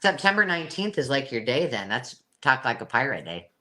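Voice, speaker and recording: Very low-voiced woman hosting a live sale. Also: sing-song, a little fast, sharp tone. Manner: chatty, self-deprecating, rambling with restarts. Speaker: co-host of a live craft supply sale. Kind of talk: casual live-stream chat.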